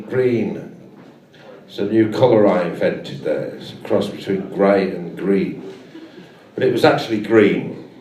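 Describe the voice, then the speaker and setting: A man's voice: lowish voice, warm tone. A male stand-up comedian doing a live set, telling a rambling story with dry asides. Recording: echoey live room from far off.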